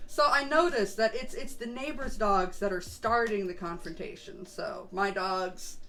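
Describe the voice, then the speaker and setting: A woman's voice: medium pitch, unhurried, a bit bright, slight background noise. Chatty woman streamer, rambling. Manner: rambling and chatty, laughs often. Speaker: VTuber streamer. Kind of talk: casual chat while gaming.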